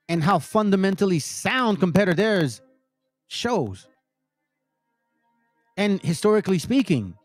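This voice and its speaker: A man's voice: high voice, a little mellow, dry recording. A man hosting his own channel, giving heated, preachy commentary over video clips and speaking straight to his listeners. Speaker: channel host reacting to videos.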